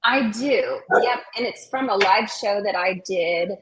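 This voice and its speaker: A woman's voice: mid-range voice, measured pace, background noise. A middle-aged woman, an opera singer and music teacher, chatting as an interview guest and acting out what children say. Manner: animated storyteller, acts out voices of kids. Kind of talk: casual interview chat.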